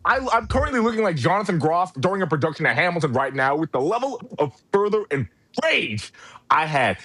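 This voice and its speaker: High-pitched guy ranting and cursing on a podcast, dry close mic. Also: fairly bright tone, slightly rough, dry recording. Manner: furious, foul-mouthed rant with mock British impression. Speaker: podcast co-host. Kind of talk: profane ranting podcast chat.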